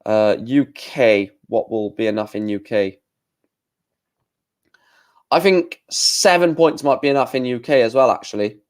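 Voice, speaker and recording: A man's voice: mid-range voice, measured pace, pauses often. A man hosting a casual live stream, reading out darts results and answering chat while thinking aloud with plenty of fillers.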